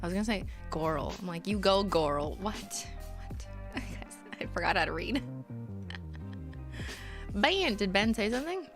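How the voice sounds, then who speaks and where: A woman's voice: medium pitch, wildly swooping pitch, measured pace, pauses often, over music. A woman hosting a casual livestream, reading out chat messages with playful, giggly, mock-corporate banter.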